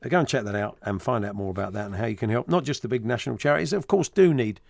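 A man's voice: medium pitch, very fast, vocal fry, darkish tone, dry recording. A man co-hosting a sports radio show, bantering jokily and teasing his co-host. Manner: jokey, teasing, chatty. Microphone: studio microphone.

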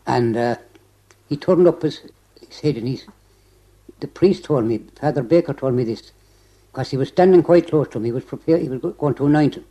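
An older Irish man recounts a remembered story for an interviewer in an oral history, his medium-pitched voice dark and mellow and his pace a little fast. He rambles, restarts phrases, and tacks "he said" onto nearly every clause. The audio quality is poor.

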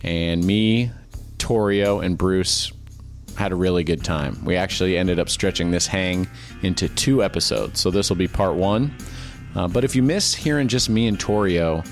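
A man's voice: deep voice, moderate pace, soft background music. A man hosting a casual podcast, chatty and laid-back, telling stories with lots of fillers. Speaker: podcast host.

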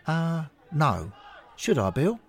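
A man voicing an elderly male football-fan ghost who talks high and excitedly, with folksy phrases. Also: slow, a faint crowd, exaggerated voice. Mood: delighted. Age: older.

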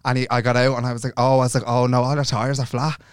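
A man's voice: little pitch movement, quick pace, smooth, no echo, clean studio sound. A man with an Irish accent, a podcast guest telling a comic dating story in a bubbly, chatty way with sudden squeals. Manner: bubbly, chatty, jumps into high-pitched squeals. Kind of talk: casual chat, comic storytelling. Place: podcast studio.

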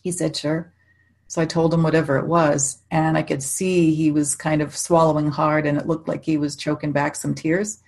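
A woman's voice: low voice, a little mellow. A middle-aged woman, a psychic medium, telling chatty stories in casual conversation, often laughing and restarting her sentences.

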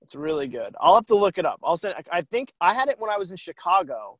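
A man hosts a relaxed podcast conversation, upbeat and teasing, with "like" scattered through his speech. His voice sits a bit higher than most men's and sounds dry. The audio is dull and lo-fi, as if it came over a call. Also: fast talker, no room sound. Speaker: podcast host. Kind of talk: casual chat.

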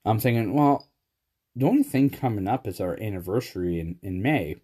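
A man chatting casually on a podcast, telling animated stories and laughing often. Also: on the low side, brisk, husky. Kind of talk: casual chat.

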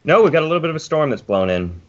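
A man in his fifties chatting as a podcast guest, measured, restarting his words. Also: on the high side, sing-song. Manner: measured, repeats words when starting. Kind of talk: casual chat. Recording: lo-fi call audio with faint hiss.

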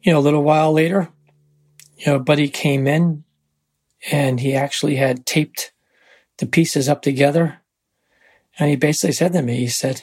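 An older man with a very husky voice, telling a personal story in a rambling, halting way with many fillers and restarts. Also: a little high, steady tone, darkish tone. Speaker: interviewee.

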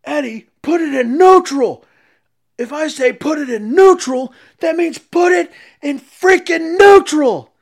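A man's voice: extremely high pitch, measured pace, voice pushed up. A man voicing a wound-up man on a boat who screams orders in exasperation. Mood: exasperated. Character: frantic yelling man on a boat.

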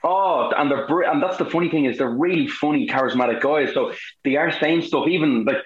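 Animated irish man, echoey dull sound. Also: a little high, a little fast, a little hiss or hum. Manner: animated storyteller, acts out quotes. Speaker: guest, actor. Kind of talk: casual chat.

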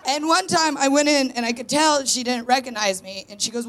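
A woman's voice: a little high, fairly even intonation, a little fast, hardly any pauses, slight background noise. Frank self-mocking woman doing stand-up. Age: 30s. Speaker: stand-up comedian and co-host. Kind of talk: stand-up comedy set. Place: live stage in a tent before an audience.

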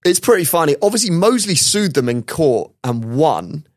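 A man's voice: on the high side, big pitch swings, normal speed, no echo. Dry-sounding man telling a wry story. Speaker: podcast host. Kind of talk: casual chat.

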